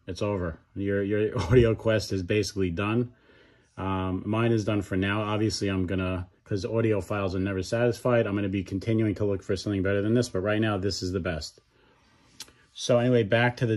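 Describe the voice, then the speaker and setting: A man with a fairly low voice talks through an audio gear review in a relaxed, unscripted way. He speaks frankly, often stopping to restart or correct himself as he goes. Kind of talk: casual product review.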